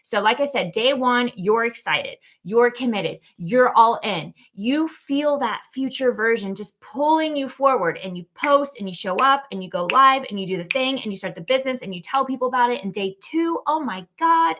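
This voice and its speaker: A woman hosting her own show, giving a casual, animated motivational talk full of "like" and "okay?". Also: fairly high pitch, normal speed. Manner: animated, chatty, lots of "like" and "okay?". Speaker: keynote speaker and show host.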